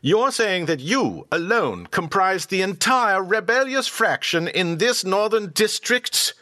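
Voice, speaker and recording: A man's voice: high-pitched, very animated, unhurried, bright, forceful tone, heavily acted. A pompous, petulant king. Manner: pompous, exasperated. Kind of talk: comedy audio drama.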